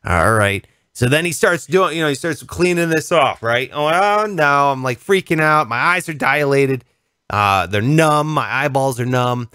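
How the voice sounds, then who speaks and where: A male radio host in casual conversation, telling a story in an animated way and acting out voices and sounds. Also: a little high, normal speed, clean tone, no echo, clean studio sound. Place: radio studio.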